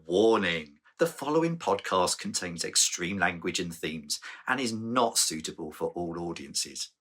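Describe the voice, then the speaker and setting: A man voicing a grave male announcer who reads out a content warning slowly and solemnly. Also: low voice, lively intonation, a bit bright, slight background noise, pitched below the performer's own voice. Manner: slow, solemn delivery.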